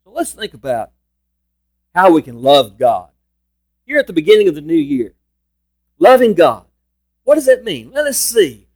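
Male pastor, high-pitched, emphatic sermon delivery. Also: sing-song, darkish tone. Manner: emphatic preaching, slows down to stress scripture.

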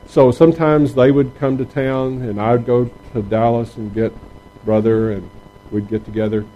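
A man's voice: mid-range voice, steady tone, moderate pace, lo-fi sound, a little hiss or hum. A middle-aged man, speaking earnestly and conversationally to parents in a question-and-answer talk, often restarting his phrases. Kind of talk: informal talk with audience questions.

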